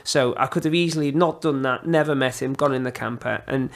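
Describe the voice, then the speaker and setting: An English man in his thirties, a podcast guest casually telling animated travel anecdotes and acting out the dialogue. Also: mid-range voice, brisk, creaky. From England. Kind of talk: casual storytelling.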